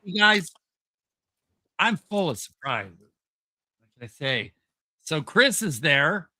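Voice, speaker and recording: A male podcast host with a strikingly bright, keen, fairly high voice, recorded dry and close. He chats casually and rambles enthusiastically, full of fillers and restarts. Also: big pitch swings, slow, dry recording. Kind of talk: casual chat.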